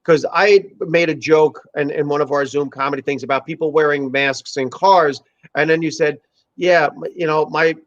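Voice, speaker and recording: A man's voice: a little high, fairly even intonation, normal speed. Male host, casual comedic chat, emphatic and repetitive, muffled lo-fi audio. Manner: emphatic, repeats himself for emphasis. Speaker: podcast host.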